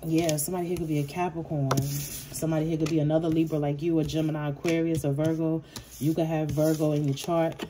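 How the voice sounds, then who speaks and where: Low-voiced woman reading tarot, profane and blunt. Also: warm tone. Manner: blunt, profane, chuckles nervously. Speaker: tarot reader. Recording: audible background noise.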